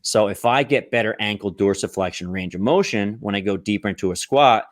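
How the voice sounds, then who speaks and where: Low-voiced man explaining squat mechanics. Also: a little fast, no echo, studio quality. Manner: explanatory, checks in with "right?" and "okay?". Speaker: fitness coach. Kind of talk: explaining exercise technique.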